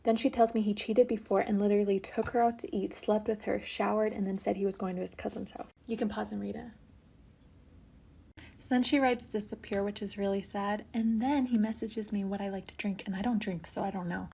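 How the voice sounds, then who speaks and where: A young woman telling a social media storytime in a chatty, animated way, reading out text messages from a cheating husband. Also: medium pitch, brisk, creaky, slightly rough. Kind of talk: casual storytime narration to camera.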